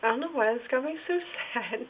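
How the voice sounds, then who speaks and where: A woman talking in a casual video diary, rambling and halting, with lots of "like" fillers. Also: on the high side, expressive. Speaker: vlogger. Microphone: phone or camera filming herself. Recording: tinny phone-like sound with faint hiss.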